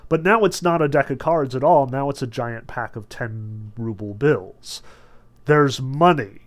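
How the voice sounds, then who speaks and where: A literature lecturer talks about a novel in a casual, chatty style, frequently saying "like" and "notice," and reads passages aloud along the way. His voice is mid-range and his pace measured.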